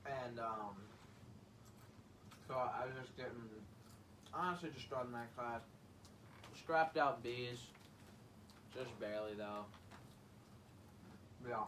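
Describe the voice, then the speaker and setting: A man's voice: medium pitch, takes it slowly, long pauses, fairly bright tone. A young man hosting a podcast, teasing his friend with profane banter in casual chat. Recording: distant mic with clear background noise.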